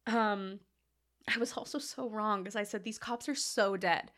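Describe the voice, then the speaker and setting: A woman's voice: mid-range voice, a little slow. A young adult woman co-hosting a podcast, chatting casually about a film, talkative and laughing often. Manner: chatty, animated, full of "like" and laughter. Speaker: podcast co-host. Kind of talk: casual film-review chat.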